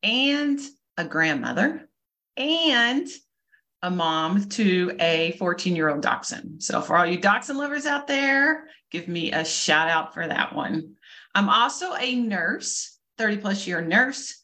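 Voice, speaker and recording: A woman's voice: mid-range voice, big pitch swings, slow pace, sharp tone. A woman in her fifties from Kentucky, introducing herself with enthusiasm as a nurse co-hosting a health podcast. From Louisville, Kentucky. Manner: upbeat, enthusiastic. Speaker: nurse and nutrition coach co-host.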